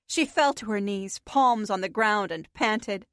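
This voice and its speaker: Slow, expressive woman narrating a story. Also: medium pitch, smooth, no room sound, studio quality. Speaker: audiobook narrator. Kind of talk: scripted fiction narration.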